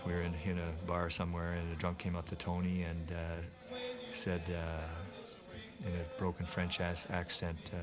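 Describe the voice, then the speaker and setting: A man in an interview, telling an anecdote in a relaxed, halting way. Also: sits low, over music.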